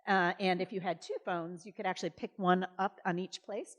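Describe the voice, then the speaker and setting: A woman in her fifties, a former governor, telling stories in a chatty, animated way on stage, full of fillers and acted-out quotes. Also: fairly low pitch, brisk. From Massachusetts. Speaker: guest speaker, former governor. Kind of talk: conversational storytelling on stage. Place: college event hall. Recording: reverberant hall.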